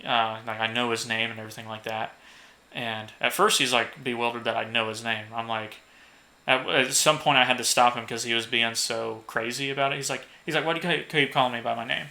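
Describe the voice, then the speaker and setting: A man's voice: mid-range voice, fairly even intonation, brisk, bright, forceful tone. A young man co-hosting a podcast, telling a work story casually, swearing and laughing as he acts out what people said. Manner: swears freely, laughs at own stories, acts out quoted lines. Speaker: podcast co-host.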